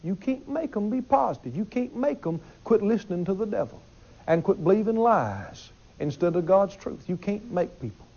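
A man delivers a sermon with a high, lively voice. He talks emphatically, repeats himself and asks the congregation questions. The recording sounds dull and lo-fi. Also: normal speed. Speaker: preacher.

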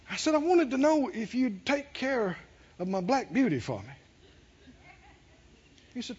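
High husky guy preaching, lively swoops, calls to the crowd, kinda muffled recording. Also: measured pace, long pauses, slight background noise. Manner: animated, calls out to the congregation, laughs while telling. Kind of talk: sermon with storytelling. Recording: dull lo-fi sermon recording.

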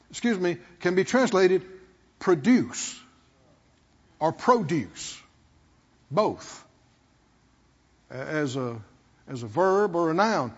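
A man's voice: high-pitched, long reverb tail, lo-fi sound. A man pastor preaching a sermon, prodding his congregation with rhetorical questions and call-and-response.

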